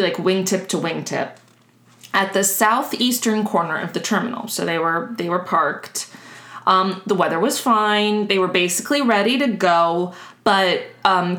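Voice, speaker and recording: A woman's voice: mid-range voice, a bit bright. A woman co-hosting a podcast, telling a story in a casual, chatty way and laughing often. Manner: chatty, laughs often, restarts while explaining. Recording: roomy echo.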